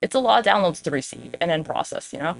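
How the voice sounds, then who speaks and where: A woman hosting a podcast in a casual, rambling monologue, swearing freely and jumping up in pitch for emphasis. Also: big pitch swings, quick pace, creaky, a little hiss or hum. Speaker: podcast host.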